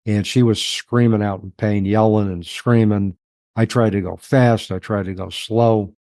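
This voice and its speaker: A middle-aged man telling personal stories as an interview guest, reflective and halting, emotional at times. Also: lowish voice, fairly even intonation, a little mellow, no echo.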